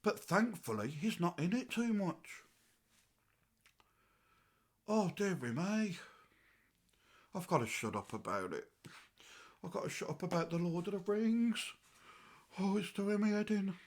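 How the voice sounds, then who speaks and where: A man's voice: high voice, sing-song, unhurried, pauses often, exaggerated voice. A man doing a grumbling old English grandad. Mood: aggrieved. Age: older. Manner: rambling and aggrieved, swinging between mutters and outbursts. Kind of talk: comic character monologue.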